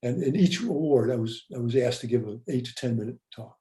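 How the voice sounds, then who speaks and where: A man's voice: mid-range voice, fairly quick, warm tone, echoey room. An older man hosting a podcast, reflecting earnestly and often repeating words as he speaks. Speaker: podcast host. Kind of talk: reflective interview talk.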